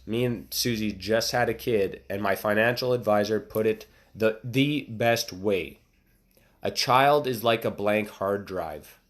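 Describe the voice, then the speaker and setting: A man in his thirties giving a casual motivational talk, with excited, emphatic exclamations. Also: mid-range voice. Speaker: motivational speaker.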